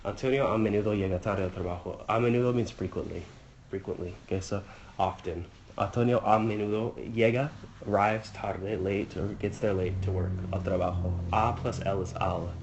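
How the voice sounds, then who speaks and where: A man's voice: on the low side, steady tone, a little fast, darkish tone, highs cut off, slight background noise. A man, casually walking through a Spanish vocabulary review, thinking aloud with fillers and translating phrase by phrase. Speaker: Spanish teacher or tutor. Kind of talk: casual exam-review walkthrough.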